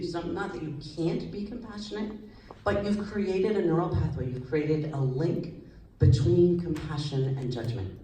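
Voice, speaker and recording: Low, mellow woman speaking on stage. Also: slight background noise. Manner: lively, conversational, asks the audience questions. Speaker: psychologist giving a talk. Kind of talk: stage talk to an audience. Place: large hall with audience. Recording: echoey hall, voice slightly distant.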